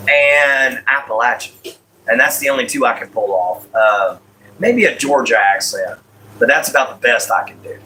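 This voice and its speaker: Man, casual live stream host, easygoing drawl, bright tone, faint background hum. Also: mid-range voice, poor audio. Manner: easygoing, drawling, answers chat by name. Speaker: livestream host. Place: at home, moving to back porch.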